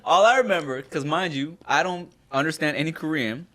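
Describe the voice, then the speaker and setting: A man co-hosting a podcast in casual chat, relaxed and slangy, chiming in with short agreeing murmurs. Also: a little high, a little fast. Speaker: podcast co-host.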